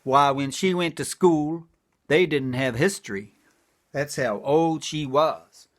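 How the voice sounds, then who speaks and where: A man's voice: on the high side, takes it slowly. An older man doing stand-up comedy, delivering one-liners in a folksy old-timer patter and repeating his punchlines.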